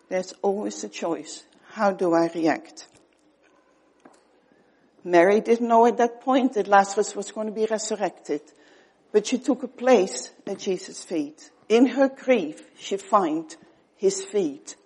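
A woman preaching an earnest sermon, pausing often and dropping to soft tones for emphasis. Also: mid-range voice, slightly rough.

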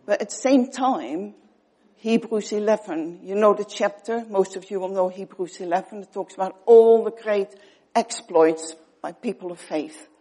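A woman preaching an earnest sermon, pausing often and dropping to soft tones for emphasis. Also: mid-range voice.

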